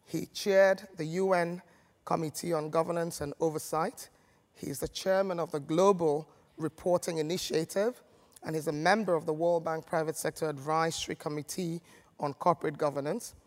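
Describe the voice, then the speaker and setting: A man's voice: on the high side, fairly even intonation, moderate pace. A man moderating a conference, formally reading out a speaker's credentials. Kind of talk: formal introduction. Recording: long hall reverb.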